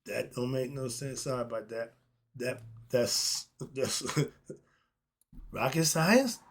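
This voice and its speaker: A middle-aged man, giving a blunt, ranting opinion monologue that swings between muttering and loud outbursts. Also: medium pitch, slow. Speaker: commentary vlogger.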